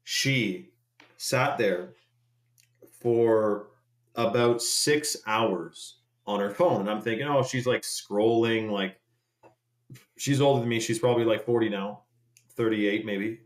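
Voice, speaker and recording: A man's voice: fairly low pitch, takes it slowly. A man hosting a live stream, ranting casually in a rambling, profane way. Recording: roomy echoey room.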